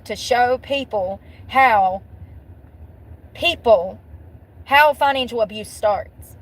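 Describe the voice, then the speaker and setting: Blunt, venting woman with a high voice. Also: poor audio. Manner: blunt, profane, repeats phrases for emphasis. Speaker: vlogger. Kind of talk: emotional venting monologue.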